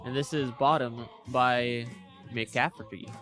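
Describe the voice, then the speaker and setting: A man's voice: medium pitch, steady tone, slow, over music. A young man co-hosting a college radio show, talking in an easygoing, rambling way. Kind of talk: casual chat. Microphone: studio mic.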